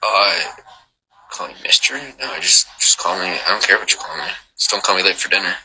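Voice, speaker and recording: Deep-voiced man chatting on a livestream. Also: steady tone, fast, pushed and bright, slightly rough, low-quality recording. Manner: rambling, repeats himself, joking asides. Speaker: livestream host. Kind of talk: casual chat with viewers.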